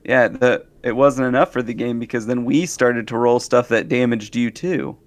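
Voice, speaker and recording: A man's voice: medium pitch, moderate pace. Jokey man co-hosting a podcast. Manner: jokey, laughs often, mimics people in quotes. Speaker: podcast co-host. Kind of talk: casual chat.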